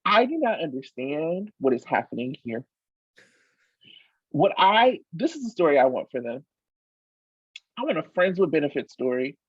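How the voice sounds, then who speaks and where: A husky-voiced woman co-hosts a casual chat with a swinging, animated delivery. She talks emphatically and swears freely, and the sound is dry and slightly muffled. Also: low voice, no room sound. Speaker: podcast co-host.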